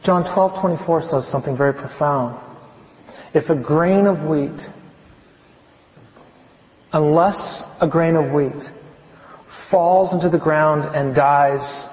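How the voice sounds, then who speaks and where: A man with a slightly high voice gives an earnest personal testimony in a big echoing hall. He talks in a confiding way and grows quiet and slow on the heartfelt parts. The sound is a little muffled, with a long reverb behind him. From California. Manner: earnest, confiding, slows and softens on heartfelt points. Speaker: chemistry professor giving a testimony.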